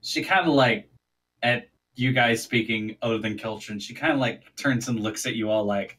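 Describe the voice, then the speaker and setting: A man's voice: mid-range voice, animated, normal speed, bright, forceful tone, poor audio. A man narrating as game master of a tabletop game, loose and profane, laughing often.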